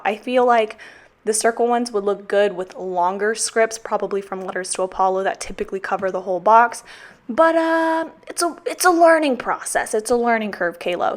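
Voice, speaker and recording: A woman's voice: mid-range voice, fairly bright tone. A young woman with a Texan accent talks through a casual voiceover. She is chatty and self-mocking, swears freely, and sounds a little out of breath. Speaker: planner vlogger.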